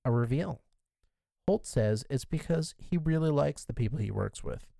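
A man's voice: medium pitch, lively intonation, moderate pace, creaky, mellow, no room sound. A man co-hosting a podcast and recapping an episode in a chatty, casual way, with lots of "like" fillers. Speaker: podcast co-host.

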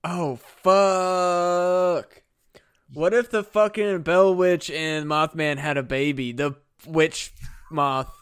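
A man's voice: a little high, fairly even intonation, unhurried, fairly bright tone, clean tone, no room sound, clean studio sound. A man co-hosting a podcast in casual, profane, joking chat. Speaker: podcast co-host.

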